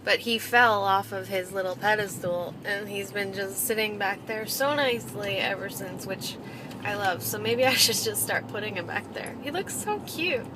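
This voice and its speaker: Young woman vlogger, stuffy nose, casual chatty delivery, car recording with steady road hum. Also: mid-range voice, normal speed. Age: young adult. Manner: chatty, baby-talks to her dog. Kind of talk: casual vlog chat. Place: in a car while driving. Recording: car noise in the background.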